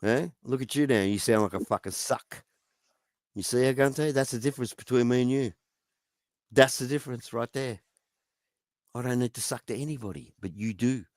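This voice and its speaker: A man's voice: medium pitch, moderate pace, pauses often, dry recording. A man in a profane, taunting rant, firing goading questions at someone. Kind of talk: angry rant.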